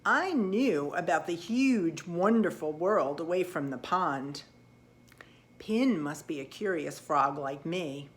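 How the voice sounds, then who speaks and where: A woman narrating a children's storybook in the first person, with expressive, lively delivery. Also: low-pitched, takes it slowly. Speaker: audiobook reader.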